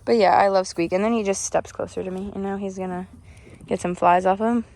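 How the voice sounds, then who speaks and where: A woman's voice: medium pitch, steady tone, brisk, a little mellow, a little hiss or hum. An eighteen-year-old woman chatting casually and rambling for her vlog, recorded outdoors in a cattle pen on a handheld phone. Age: young adult, eighteen. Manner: chatty, rambling, self-correcting. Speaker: hobby cattle keeper vlogger.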